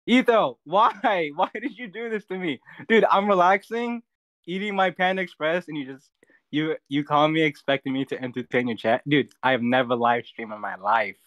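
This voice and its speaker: A young man, the streamer's friend, takes over the live-stream chat and talks casually, joking to himself in a flustered way. His voice runs on the high side and fairly bright, at a moderate pace, in a dry recording.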